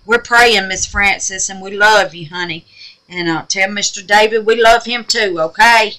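A woman's voice: mid-range voice, unhurried, sharp tone, poor audio. A woman, chatting casually through a home crafting tutorial and calling her viewers babies and honey. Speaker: craft vlogger.

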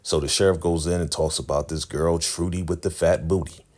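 A man with a very low, husky voice talks through a TV episode recap. He keeps it chatty and loose, speaking to his viewers like friends. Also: steady tone, fairly quick, a little mellow. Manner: chatty, conversational, drawling. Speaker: TV recap vlogger.

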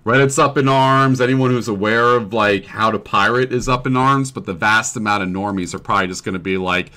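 A man's voice: lowish voice, brisk, pushed and bright. A young man streaming while he plays a game, chatting in a rambling, profane and sarcastic way. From New Jersey family. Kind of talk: casual chat while gaming.

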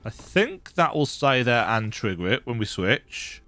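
A gaming channel host plays and comments casually, muttering asides, doing mock voices and joking to himself. His mid-range voice is sharp, with big pitch swings and a measured pace, and faint game music plays in the background.

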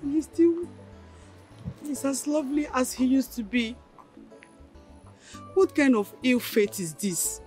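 An actress with a Nigerian accent playing a defiant widow who shouts back at her brother-in-law. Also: sits high, lively intonation, slow pace, long pauses, soft background music. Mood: regretful. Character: defiant young widow, unhappily remarried.

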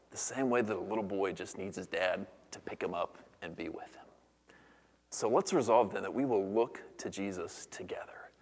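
A man in his thirties preaches from the pulpit in a somewhat low voice. His delivery is earnest, dropping to hushed near-whispers and rising again into lively storytelling. The sound carries the long reverb of a large church hall. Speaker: pastor. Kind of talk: sermon.

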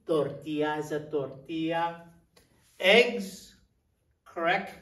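A middle-aged male Spanish teacher giving a vocabulary lesson, slowly repeating each word with care. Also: on the high side. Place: classroom. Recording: echoey room, mic at a distance.

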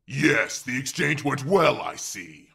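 In an audiobook, a man with a medium-pitched, expressive, slightly bright voice performs a full character voice of an ancient evil male being speaking from a pit. The delivery is slow, gravelly, cold, and menacing, drawn-out and commanding, full of scorn.

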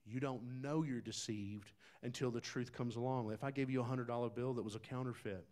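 A man preaching a sermon in a folksy, conversational way, talking straight to the congregation, dropping to quiet asides and rising to loud, emphatic bursts. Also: mid-range voice, steady tone, a little fast. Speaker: pastor.

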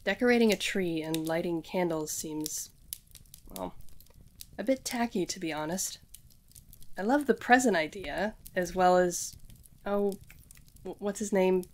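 A woman's voice: on the low side, measured pace, long pauses, lightly acted. A woman voicing a young, earnest witch in training who rambles and talks straight to the listener in an audio role-play. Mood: chatty. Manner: rambling, addresses the listener directly.

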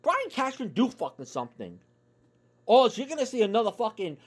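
A man ranting about his team for his YouTube channel, furious and foul-mouthed. His pitch swings widely, rising and crashing as he curses. The talk is a nonstop stream of complaints. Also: huge pitch swings, a little fast. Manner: angry, profane, swearing constantly. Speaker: YouTube sports fan ranter. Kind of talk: profane sports fan rant.

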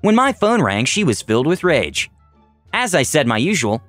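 A man reading online stories aloud with a lively, sing-song delivery. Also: on the high side, moderate pace, no room sound, soft background music. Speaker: story reader.

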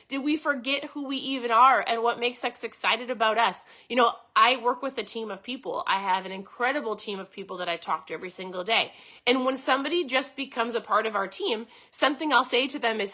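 A woman's voice: fairly high pitch, pushed and bright. A woman hosting a podcast in a casual monologue, chatty, often tagging "right?" onto her sentences and reading aloud from a book. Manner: chatty, with frequent tag questions. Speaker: podcast host.

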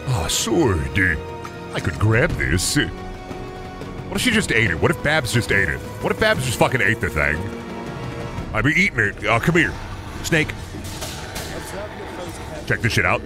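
A man streaming a video game, talking crudely and excitably and laughing often. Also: mid-range voice, moderate pace, long pauses. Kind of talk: casual gameplay commentary. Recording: music playing behind the voice.

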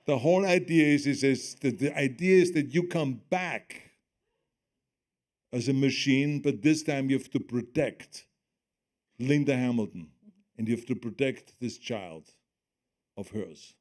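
A man's voice: mid-range voice, measured pace, pauses often. Older man with a German accent. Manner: animated, quotes others in lively voices, laughs often. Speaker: guest. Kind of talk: storytelling on stage in conversation.

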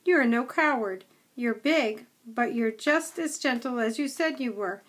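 A woman voicing an old male setter dog who is gruff, blunt and a know-it-all. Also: a little high, unhurried. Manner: blunt, scoffing, chatty.

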